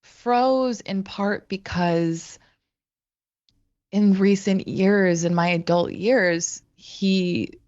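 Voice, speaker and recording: A woman in her thirties, a guest talking reflectively and haltingly in an interview, with frequent restarts. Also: mid-range voice, darkish tone, no room sound, dull audio. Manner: thoughtful, halting, many restarts. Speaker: guest, actor and writer.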